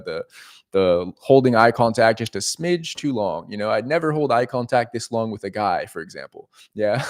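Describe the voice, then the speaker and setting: A man's voice: mid-range voice, a little mellow. Young guy on a livestream, rambly and sweary, keeps going "right?". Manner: rambling, profane, self-interrupting with "right?". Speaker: leasing agent streaming to viewers. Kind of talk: casual livestream storytelling.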